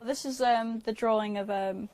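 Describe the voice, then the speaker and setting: A woman speaks in a documentary interview. She gushes and hesitates, filling her pauses with ums and uhs. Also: fairly high pitch, fairly even intonation, a little mellow, a little hiss or hum. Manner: gushing, hesitant with fillers.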